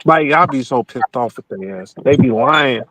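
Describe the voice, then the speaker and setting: A man's voice: mid-range voice, expressive, normal speed, pushed and bright, dry recording, poor audio. A man co-hosting a podcast, talking in a blunt, slangy, casual way. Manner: blunt, slangy, laughs a lot. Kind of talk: casual chat.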